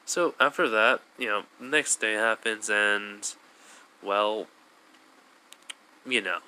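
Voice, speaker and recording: A man's voice: on the low side, slow, pushed and bright, clear, resonant tone. A man casually retelling a fan story, rambling with lots of fillers.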